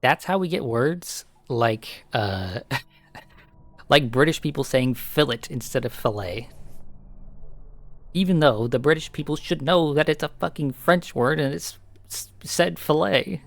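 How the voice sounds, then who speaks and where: A man's voice: a little high, expressive, measured pace, no echo. An American man streaming a fishing game, chatting casually and rambling through opinionated tangents. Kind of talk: casual gameplay chat.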